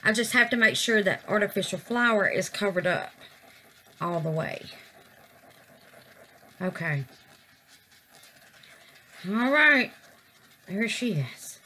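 A middle-aged crafter narrates her resin project in a casual vlog, chatty and expressive, calling viewers babies and exclaiming to the Lord. Her medium-pitched voice is bright and forceful, slow, and full of pauses.

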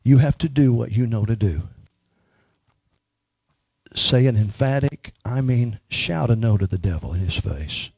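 A man's voice: mid-range voice, a little slow, gravelly, long pauses, darkish tone, breathy edge, no room sound. A man ministering as a prophet, speaking emphatically and praying over a woman in church. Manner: emphatic, prays over a person.

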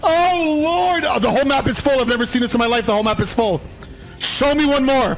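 A man streaming slot spins from home, screaming and laughing in disbelief at his wins, his voice hoarse and nearly gone. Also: very high voice, brisk, heavy background noise. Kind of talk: excited live-stream reaction.

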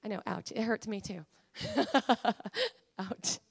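A woman preacher giving an emotional, passionate sermon, swinging between hushed talk and fiery proclamation. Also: mid-range voice, fairly even intonation, normal speed, gravelly, breathy edge, dry recording. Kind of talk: Pentecostal-style sermon.

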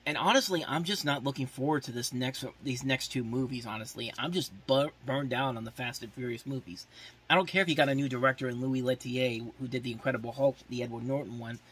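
A man's voice: mid-range voice, quick pace, fairly bright tone, husky. A man hosting a podcast, giving a casual, rambling movie preview full of "like" fillers and restarts, openly opinionated and exasperated. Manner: opinionated, exasperated about films. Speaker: podcast host.

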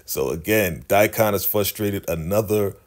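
A man casually recapping a TV episode, animated and jumping into quoted voices as he retells scenes. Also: on the low side, a little slow. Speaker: video host recapping a TV episode.

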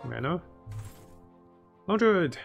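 A man's voice: a little high, sing-song, very slow, gravelly, highs cut off, soft background music. A man commentating his own strategy game live, chatting to viewers and laughing often. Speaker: streamer playing a strategy game.

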